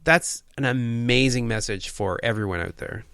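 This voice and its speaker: A man's voice: mid-range voice, moderate pace, fairly bright tone, clean tone, no room sound, studio quality. A man co-hosting a casual podcast, talking earnestly and with enthusiasm in bursts, with restarts. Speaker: podcast co-host.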